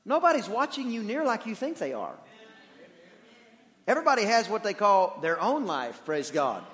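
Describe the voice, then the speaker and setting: A high-voiced man preaching in a church, his voice ringing with long reverb through the hall. He is animated, swinging from loud shouts to hushed, quiet stretches. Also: normal speed. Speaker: pastor. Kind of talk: sermon. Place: church sanctuary.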